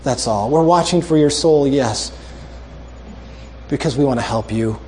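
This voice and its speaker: A male preacher closing a sermon with a story, making earnest, repeated appeals and dropping soft and low for emphasis. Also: unhurried, a little hiss or hum.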